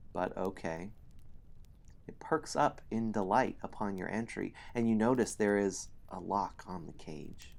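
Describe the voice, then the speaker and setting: A man hosting a solo tabletop game stream, narrating the story slowly and explaining the game sheets. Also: deep voice, a little mellow.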